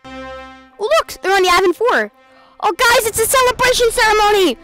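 A woman hosting a let's play video, giving excitable, playful commentary over the game and mimicking the characters. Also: very high voice, normal speed, faint music behind. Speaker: gaming channel host.

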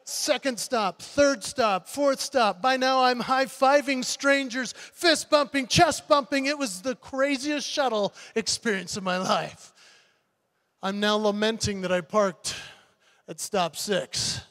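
A motivational speaker, a man, telling an animated story on stage and acting out the voices. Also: very high voice, slow. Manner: animated, acts out voices, builds to punchlines. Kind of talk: keynote storytelling speech. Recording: long hall reverb.

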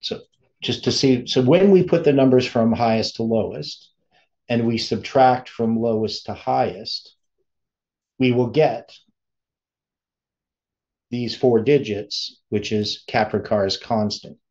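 A man leads a study lesson at a slow, deliberate pace, pausing and restarting as he thinks aloud. His voice sits in a middle register. The recording sounds dull and lo-fi. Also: mid-range voice, a little mellow. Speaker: teacher.

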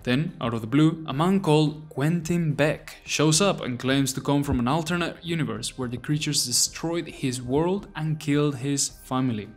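A man narrating a language lesson, repeating phrases slowly and deliberately. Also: mid-range voice. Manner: slow, deliberate repetition of phrases. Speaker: language teacher.

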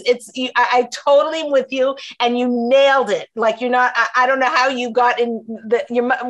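A woman hosting a talk show, talking in an animated, rambling way with frequent restarts. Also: fairly high pitch.

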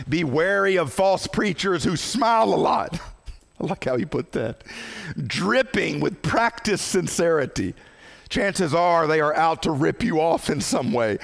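Guy preaching with real fire, raspy edge, voice sits kinda high, goes loud then drops way down. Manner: impassioned preaching, swings from loud outbursts to hushed low tones. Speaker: pastor. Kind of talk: sermon.

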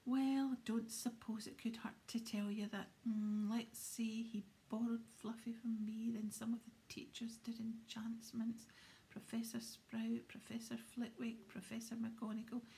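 Hagrid, a woman whispering as a gruff giant. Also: fairly high pitch, little pitch movement, unhurried, warm tone, a little hiss or hum. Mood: whispered gruff. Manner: whispered role-play, gruff and blustery. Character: big gruff male gamekeeper, proud and secretive.

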